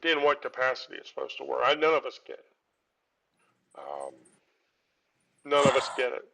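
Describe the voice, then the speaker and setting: A man's voice: mid-range voice, sing-song, normal speed, creaky, a bit bright. A man hosting a live stream, talking in a consoling, rambling way with many filler sounds, heard on muffled lo-fi stream audio. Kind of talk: casual live stream talk.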